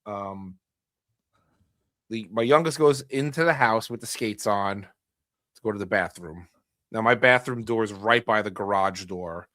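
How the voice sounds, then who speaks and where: A man's voice: fairly low pitch, unhurried, long pauses, fairly bright tone, dry recording. A middle-aged man hosting a podcast, telling a family story in a wry, casual way with dry humor. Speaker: podcast host.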